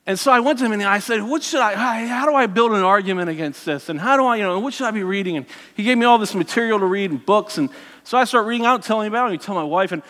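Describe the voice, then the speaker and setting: A man's voice: high-pitched, rapid-fire, a bit bright, long reverb tail. A man candidly telling his personal faith story to an audience, often restarting his sentences. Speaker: speaker sharing his testimony.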